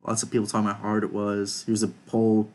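A man's voice: lowish voice, completely flat delivery, fast talker, darkish tone. Young man reading out group chat messages. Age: young adult. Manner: reads out group chat messages, swears casually. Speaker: podcast host. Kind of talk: casual chat.

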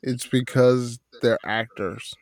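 A man co-hosting a casual podcast chat, blunt and quick to laugh. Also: medium pitch, fairly even intonation, a little mellow, dry recording. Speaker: podcast co-host.

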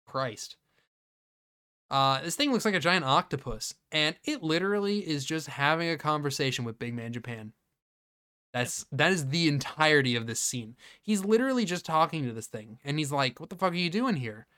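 Male podcast host, slightly higher voice, swears freely and acts out scenes as he recaps them. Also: normal speed, clear, resonant tone. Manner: profane, animated retelling with quoted bits. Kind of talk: casual movie review chat.

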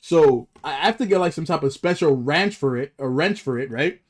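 A man's voice: fairly high pitch, lively intonation, moderate pace. A young man co-hosting a casual podcast chat, ranting about his week with lots of profanity and restarts. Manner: profane, rambling complaints with restarts. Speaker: podcast co-host.

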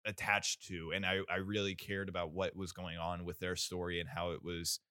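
A man's voice: low-pitched, flat delivery, normal speed, pushed and bright, clean tone, no room sound, studio quality. A man co-hosting a podcast, chatting casually about movies, rambling, swearing freely and laughing often. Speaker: podcast co-host. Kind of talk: casual movie review chat.

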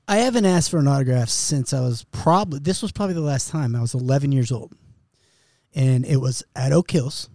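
A man's voice: medium pitch, a little fast, a little mellow, no room sound, studio quality. A man co-hosting a podcast, telling a folksy, wry story in casual chat.

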